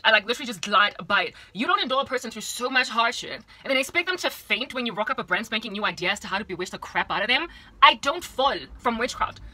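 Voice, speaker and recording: A young woman from South Africa talking to camera in a casual vlog monologue, animated and chatty with slangy asides, recorded in a small room at home. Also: on the high side, low-quality recording. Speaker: vlogger.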